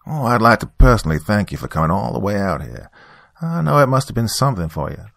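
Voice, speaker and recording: A man's voice: fairly low pitch, big pitch swings, fast talker, vocal fry, a bit bright, no room sound, pitched above the performer's own voice, full character voice. A man voicing an elderly country reverend with a strong rural Southern accent, folksy and overly welcoming. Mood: folksy welcome. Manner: chuckling, folksy, hospitable.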